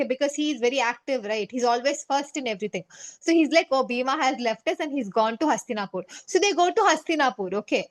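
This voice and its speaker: Teacher, woman, high voice, casual story time that keeps checking the class follows. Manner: chatty, checks in with "okay?" and "right?".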